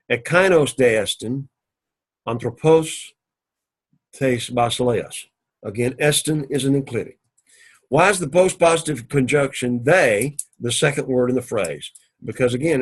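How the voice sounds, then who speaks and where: In a recorded lecture, a man teaches introductory Greek, working through sentences one step at a time. His slightly high, somewhat bright voice is patient and drawn out, full of "all righty"s, restarts, and frequent throat-clearing.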